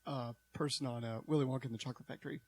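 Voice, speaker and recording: A man's voice: medium pitch, fairly even intonation, rapid-fire, no room sound. A man co-hosting a podcast, teasing the others with crude humor. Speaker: podcast co-host. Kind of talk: casual chat.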